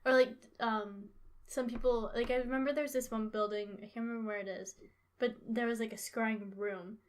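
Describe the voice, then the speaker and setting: A young woman co-hosting a podcast, cracking crude jokes and bursting into loud laughter. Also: a little high, steady tone, normal speed, slight background noise. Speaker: podcast co-host. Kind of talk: casual chat, joking banter.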